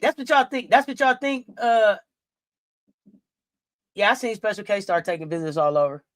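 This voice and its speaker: At medium pitch and normal speed, with no echo, a woman rants on her sports talk stream. She swears constantly, circles back to the same phrases, and keeps speaking directly to the people in her chat.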